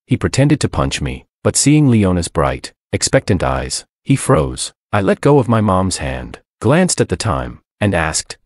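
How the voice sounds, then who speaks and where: A man reads a first-person story aloud, voicing every character himself with only light changes. His voice sits very low but swings widely up and down. The sound is dry and close, with no room around it. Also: very animated, unhurried, few pauses, dry recording. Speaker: narrator.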